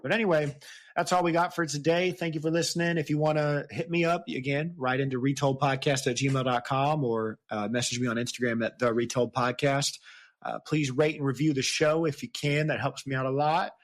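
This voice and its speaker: A man with a mid-range voice hosts a relaxed podcast. He talks casually, jokes often and laughs easily as he chats with his co-host. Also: mid-range voice. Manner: joking, chatty, quick to laugh. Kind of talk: casual chat.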